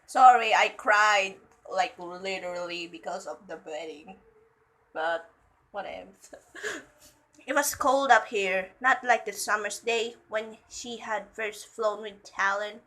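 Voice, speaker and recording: Bright-voiced young woman reading fan fiction. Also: mid-range voice, takes it slowly, rough recording. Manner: gushing, giggly asides between passages. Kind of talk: reading a story aloud with reactions.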